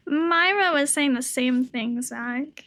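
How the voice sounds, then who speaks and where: A woman's voice: high-pitched, fairly bright tone. A woman live streamer chatting casually and swearing loosely while playing a game, with a sore throat and a cough drop in her mouth.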